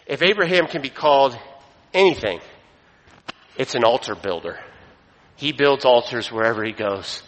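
A man preaching a sermon, his delivery swelling for emphasis and then dropping low. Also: lively intonation, moderate pace, pauses often, fairly bright tone. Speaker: pastor. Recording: long reverb of a hall.

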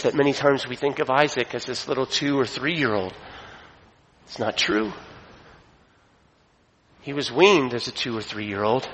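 A man preaching a sermon, his delivery swelling for emphasis and then dropping low. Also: a bit bright. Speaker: pastor. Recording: long reverb of a hall.

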